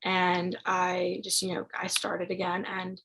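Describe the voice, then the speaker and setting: A woman's voice: lowish voice, monotone, a little slow, a bit bright, slight background noise, rough recording. A young woman telling her story as a podcast guest, chatty and casual, with many fillers. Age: young adult.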